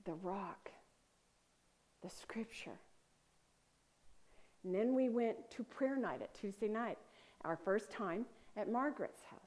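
Earnest woman telling a spiritual testimony. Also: medium pitch. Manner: earnest and rambling, often dropping to a soft near-whisper. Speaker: speaker sharing a faith testimony.

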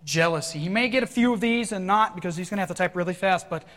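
Animated high-voiced male preacher. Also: quick pace, long reverb tail. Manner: animated, acts out worried inner voices. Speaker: pastor. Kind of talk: sermon.

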